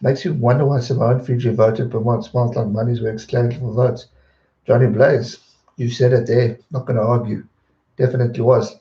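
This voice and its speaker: A young man, chatting casually on a live stream and answering viewer questions in a rambling, relaxed way. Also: mid-range voice. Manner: relaxed, rambling, repeats words when distracted. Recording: dull roomy home stream audio.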